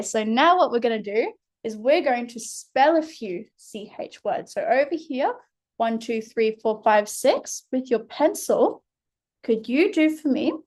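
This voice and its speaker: A woman's voice: on the high side, darkish tone. An Australian woman tutoring a child through a phonics lesson, patient and encouraging. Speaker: reading tutor.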